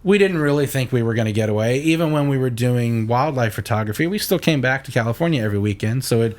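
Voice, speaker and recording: A young adult man, a church audio engineer, telling stories in a casual interview and acting out quoted lines in a raised voice. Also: fast. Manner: animated, acts out quoted voices with a higher pitch.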